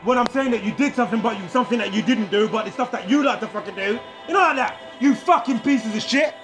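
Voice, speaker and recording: With music in the background, a man vlogs an angry, profane rant to camera, heated and sarcastic. His pitch is extremely high and he talks fast.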